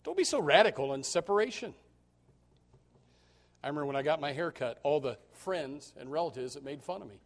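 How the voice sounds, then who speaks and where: A male pastor preaching with passion, swinging from low murmurs to near shouts. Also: big pitch swings, fairly quick. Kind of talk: sermon.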